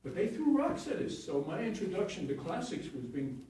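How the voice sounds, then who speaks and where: A man in his seventies, a stage actor and acting teacher, tells rambling anecdotes in an interview, chuckling and correcting himself along the way. His voice is high-pitched, dark in tone, very animated and a little fast. The recording sounds distant, in an echoey room.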